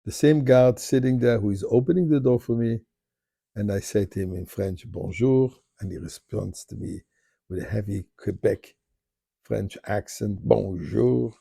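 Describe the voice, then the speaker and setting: Rabbi guy telling a story, animated, dark gravelly husky voice, dry close sound. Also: fairly low pitch, no echo. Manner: animated storyteller, recites Hebrew prayer at rapid pace. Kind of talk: spoken storytelling. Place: Montreal.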